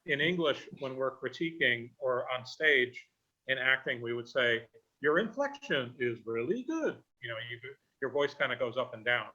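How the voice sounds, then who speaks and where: A man's voice: mid-range voice, fairly even intonation, normal speed, bright, forceful tone, lo-fi sound. A man giving a grammar report at an online meeting, explaining word usage with examples over a video call.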